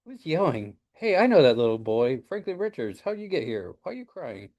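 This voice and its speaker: A man voicing a gentle, worried young woman hero in a quiet, questioning way. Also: medium pitch, very animated, brisk. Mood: concerned.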